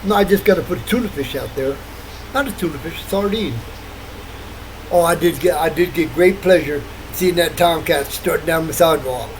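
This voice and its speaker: A man's voice: fairly high pitch, normal speed, slight background noise, rough recording. An older man rambling through a late-night monologue, wandering from thought to thought and laughing often. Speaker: vlogger.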